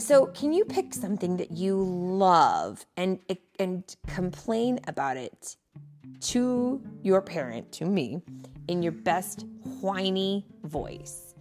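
A woman reading a bedtime story aloud in an expressive, playful way, then chatting with her child as a parent. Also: lowish voice.

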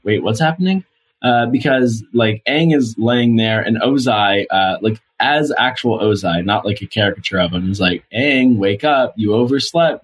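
A man's voice: on the low side, breathy edge. A young man co-hosting a casual show rewatch podcast, rambling with lots of fillers and dry self-deprecating asides. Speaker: podcast co-host.

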